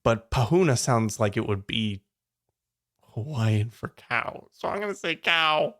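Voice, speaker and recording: A man co-hosting a casual podcast, playfully thinking out loud and laughing often. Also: medium pitch, expressive, measured pace. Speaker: podcast co-host. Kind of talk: casual chat.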